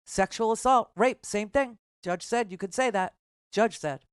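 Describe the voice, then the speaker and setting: A woman's voice: medium pitch, moderate pace, clean tone, no room sound, clean studio sound. Indignant woman talk radio host. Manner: combative, indignant, exasperated. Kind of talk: political talk radio monologue.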